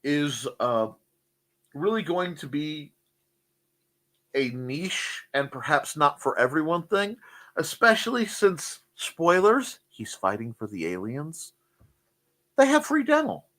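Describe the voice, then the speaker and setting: A man's voice: a little high, big pitch swings, slow, a bit bright. A man hosting a casual morning show, joking, rambling and reading out chat messages. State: cold.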